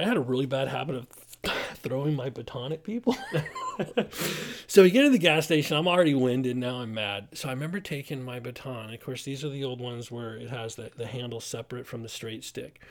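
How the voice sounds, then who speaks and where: A middle-aged man with a gravelly edge to his voice, spinning an old story in a loose, animated way. He laughs through the tale and lets his energy climb at the big moments. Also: mid-range voice. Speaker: pastor and former police officer. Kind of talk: casual storytelling.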